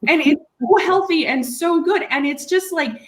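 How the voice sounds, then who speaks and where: A woman's voice: very high voice, moderate pace. Enthusiastic woman in her thirties, roomy sound. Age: 30s. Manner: enthusiastic, emphatic. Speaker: panelist. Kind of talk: casual panel chat. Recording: roomy echo.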